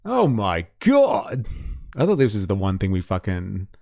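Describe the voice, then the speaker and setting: A man's voice: fairly low pitch, huge pitch swings, measured pace, vocal fry, mellow, no echo, clean studio sound. A man hosting a livestream, reading out viewer comments in a casual, swearing, mock-outraged way. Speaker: livestream host.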